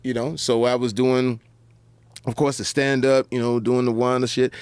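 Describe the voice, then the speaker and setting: Male talk-show guest, animated storyteller who mimics the people he quotes, dry close recording. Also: normal speed, clean tone, no echo. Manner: acts out quotes in high put-on voices.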